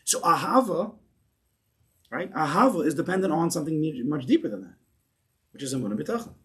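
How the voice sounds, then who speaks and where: Animated man teaching a Torah class. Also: fairly high pitch, brisk. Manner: animated, asks the class questions. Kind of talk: lecture to a class.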